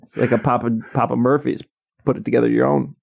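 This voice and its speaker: A man's voice: medium pitch, flat delivery, quick pace, vocal fry, a little mellow. A man co-hosting a podcast in casual banter, telling an anecdote and tossing out wry jokes. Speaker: podcast co-host.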